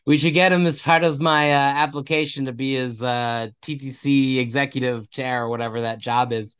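A man co-hosts a casual talk podcast, trading jokes and laughing easily. He pokes fun at himself as he rambles through his opinions, with a voice of ordinary pitch. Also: fairly even intonation, moderate pace, fairly bright tone, smooth. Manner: jokey, laughs often, self-deprecating. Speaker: podcast co-host. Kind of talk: casual chat.

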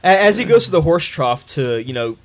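A man's voice: a little high, big pitch swings, fairly quick. Man chiming in on a movie. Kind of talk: casual movie recap chat.

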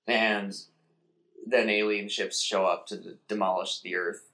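Man, casual chat, animated retelling, quick put-on character voices. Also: lowish voice, creaky.

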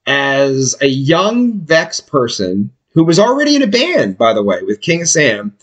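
A man's voice: medium pitch, wildly swooping pitch, unhurried. A man in his forties from Pennsylvania, telling profane, rambling stories in casual podcast chat. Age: 40s.

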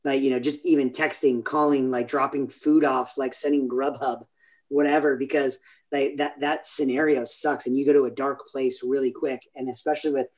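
At a moderate pace, this man speaks with medium pitch, an even tone, and a slightly dark color. He's a forties-aged Californian on a podcast as a guest, spinning rambling, self-interrupting stories in casual interview conversation.

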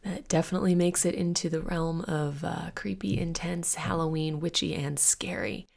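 A woman reading a horror story aloud in a low, gravelly voice. Her delivery is hushed and husky, often dropping to a whisper for dramatic effect. She hosts a spooky story podcast. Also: fairly even intonation, normal speed. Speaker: story narrator and podcast host.

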